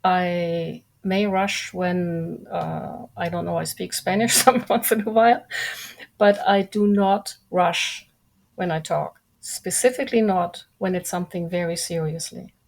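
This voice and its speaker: Calm, measured woman with slight gravel. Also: fairly low pitch. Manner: calm, measured, deliberate speech. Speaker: guest. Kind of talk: conversational interview.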